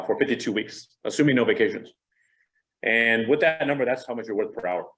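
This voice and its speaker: A man's voice: mid-range voice, rough recording. A middle-aged man giving a casual training talk to real estate agents. He speaks conversationally and animatedly, with a self-deprecating manner.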